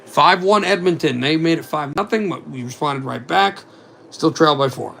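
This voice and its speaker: A man calling hockey play-by-play for a fan simulcast, in a rapid running commentary with asides on other scores. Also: a little high, gravelly, fairly bright tone, slight background noise.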